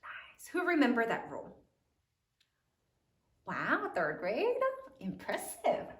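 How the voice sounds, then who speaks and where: A woman teacher leading a spelling lesson for children, sounding out each syllable slowly and clearly. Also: on the high side, huge pitch swings, recorded from a distance. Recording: roomy, from away from the mic.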